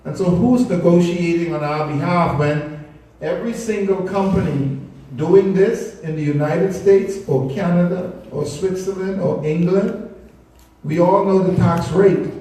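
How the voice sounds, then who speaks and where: Man, persuasive speaker, mellow slightly high voice, distant mic in a very echoey hall. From Bahamas. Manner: earnest, persuasive, speaks of a spiritual perspective. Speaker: speaker at a public talk. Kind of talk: public talk with slides. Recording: echoey room recorded from afar.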